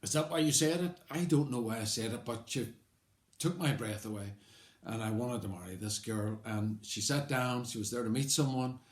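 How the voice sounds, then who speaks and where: Speaking at a normal speed with a fairly low pitch, this older Belfast man recounts his life aloud. He's wry and chatty, wandering a bit with filler words, and the room gives the recording a noticeable echo.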